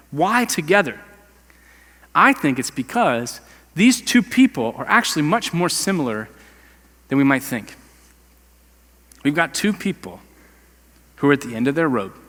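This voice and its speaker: A man's voice: on the high side, fairly bright tone, long reverb tail. A male pastor preaching a sermon in a conversational, emphatic way, with casual slang. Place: church sanctuary.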